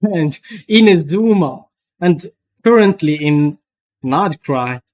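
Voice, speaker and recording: A man's voice: on the high side, expressive, takes it slowly, a little mellow. A young man streaming live, chatting casually and rambling, with lots of restarts and swearing.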